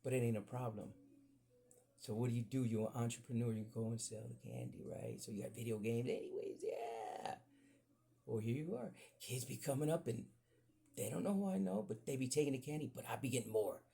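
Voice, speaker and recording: A man with a gravelly, husky voice tells a rambling story full of swearing. He talks casually, and his voice climbs high when the story heats up. His pitch sits in a middle range. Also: a little fast. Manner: profane, animated storytelling that jumps up high in pitch when excited. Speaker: podcast host.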